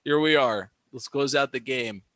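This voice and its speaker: On a live stream, a young man calls basketball in a dry recording, his voice medium in pitch. Excited play-by-play mixes with reactions and rants about the calls, delivered animatedly with plenty of restarts and filler words.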